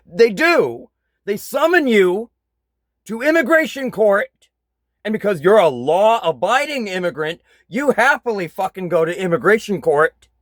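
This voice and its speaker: Slow-talking, angry man ranting. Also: high voice, animated, fairly bright tone, no echo. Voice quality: blunt, frequent swearing, bitter. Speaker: vlogger. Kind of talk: angry political rant.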